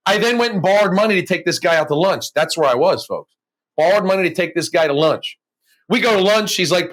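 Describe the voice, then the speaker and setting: Animated high-voiced man telling a story. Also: brisk. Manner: animated, acts out quoted voices with laughs. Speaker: guest, mortgage broker and coach. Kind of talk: storytelling interview.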